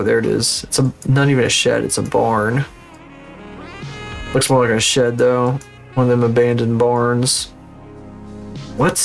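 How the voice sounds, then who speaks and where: Rambling, foul-mouthed male streamer. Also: mid-range voice. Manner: rambling, swears freely, laughs at his own stories. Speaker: livestreamer. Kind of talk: casual livestream chatter.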